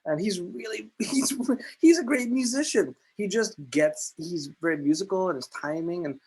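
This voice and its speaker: A man's voice: high voice, lively intonation, normal speed, darkish tone, breathy edge, low-quality recording. A man hosting a casual chat, asking rambling questions with many restarts. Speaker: host.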